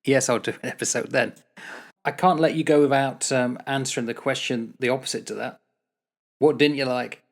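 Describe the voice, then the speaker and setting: An older man leads a casual conversation, asking easygoing questions and giving short replies. His pitch is ordinary and mid-range. The tone stays calm and conversational throughout. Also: moderate pace, vocal fry. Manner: relaxed interviewer with brief prompts. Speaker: podcast host. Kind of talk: casual chat.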